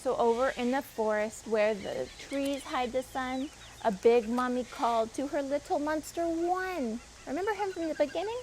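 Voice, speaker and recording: A woman reads a children's picture book aloud in a high, bright-pitched voice, turning to the young listeners with questions between pages. Her storytime delivery is expressive. Faint outdoor sounds with birds drift in behind her. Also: normal speed, hardly any pauses, a little hiss or hum, low-quality recording. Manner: expressive reading with asides to the children. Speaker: children's librarian.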